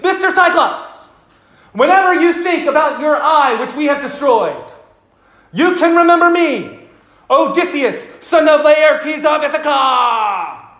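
A man voicing a proud, clever hero who shouts mocking taunts. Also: extremely high pitch, expressive, unhurried, voice pushed up, heavily acted. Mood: boastful. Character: cocky boastful young male hero, taunting. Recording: roomy echo.

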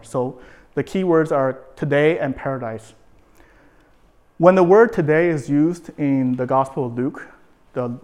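A man's voice: medium pitch, a little mellow. A man giving a sermon, explaining a scripture passage in a conversational way with frequent fillers and repeated words. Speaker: preacher.

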